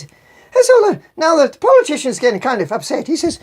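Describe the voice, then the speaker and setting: A woman vlogger telling a long, rambling joke and correcting herself along the way. Her voice is high and swoops widely up and down. She keeps circling back to get the story straight. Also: wildly swooping pitch, a little fast, a little mellow.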